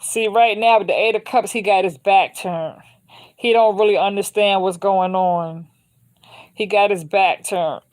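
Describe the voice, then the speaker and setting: A woman's voice: mid-range voice, steady tone, a little slow. A woman giving a casual spiritual tarot reading, informal and emphatic, repeating her points. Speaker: tarot reader.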